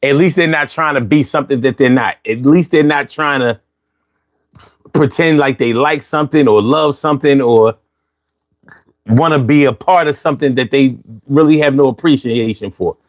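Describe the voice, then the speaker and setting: A man's voice: medium pitch, moderate pace. A man hosting a casual livestream, chatting loosely, reading chat and repeating his phrases.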